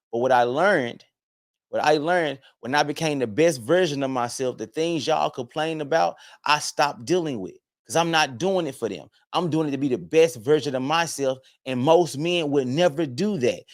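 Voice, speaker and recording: A young adult man giving an emphatic, preachy opinion monologue to his viewers, often repeating words and restarting sentences. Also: on the high side. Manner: emphatic, preachy, addresses viewers as fellas and fam. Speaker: online commentator. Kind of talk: direct-to-camera opinion monologue.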